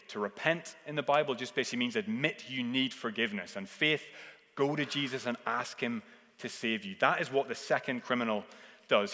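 A man preaching a sermon earnestly, swinging between forceful emphasis and hushed, intense passages. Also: mid-range voice. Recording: long reverb of a large hall.

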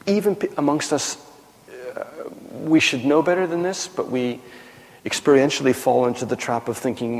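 A pastor teaches in a relaxed, conversational way, full of ums and restarts. His voice sits at a mid pitch. Long reverb from a large hall trails each phrase. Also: moderate pace, creaky. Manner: conversational, frequent fillers and self-corrections. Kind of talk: teaching sermon.

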